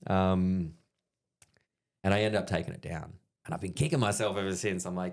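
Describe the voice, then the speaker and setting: A man in his thirties with an Australian accent, telling profane, animated stories in casual chat as a guest comedian. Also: sits low, normal speed, gravelly.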